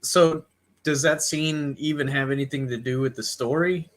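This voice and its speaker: A man's voice: on the high side, fairly even intonation, moderate pace. A man co-hosting a casual podcast, laid-back and blunt. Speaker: podcast co-host. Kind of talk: casual chat.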